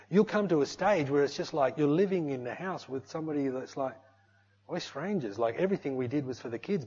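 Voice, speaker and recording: A middle-aged man preaching a sermon in an animated, conversational way, often tagging his sentences with "eh" and "hey". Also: on the high side, husky. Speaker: pastor. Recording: muffled lo-fi recording.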